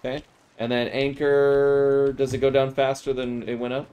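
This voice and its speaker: A man's voice: mid-range voice, little pitch movement, normal speed, mellow, smooth. A man streaming a game in casual chat, upbeat and jokey, asking questions as he learns. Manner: upbeat, chatty, jokey, laughs often.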